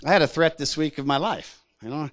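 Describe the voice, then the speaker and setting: A man's voice: on the high side, brisk. A man preaching a sermon in a conversational way, often repeating words and chuckling between points. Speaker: pastor.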